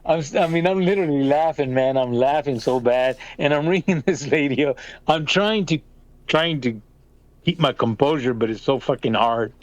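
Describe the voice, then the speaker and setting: Older guy, podcast storyteller, animated and foul-mouthed, slightly higher voice. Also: normal speed. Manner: animated, swearing, laughing through the story. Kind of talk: casual storytelling chat.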